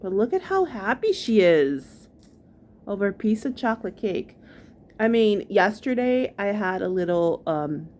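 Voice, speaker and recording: A woman's voice: mid-range voice, sing-song, unhurried, darkish tone, slight background noise. A woman giving chatty, gossipy reaction commentary on a video, full of "like" fillers. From New York. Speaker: commentary vlogger.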